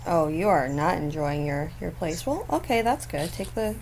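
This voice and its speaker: A woman's voice: sits low, animated, moderate pace, darkish tone, slight background noise. Chatty, giggly woman narrating gameplay. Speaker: gaming channel host. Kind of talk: casual gameplay commentary. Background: faint neighbors outdoors.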